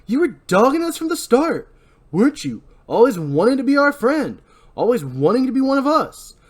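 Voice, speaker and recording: Man doing an angry young man, hot-headed, shouting, pitched high, swooping wildly. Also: sing-song, moderate pace.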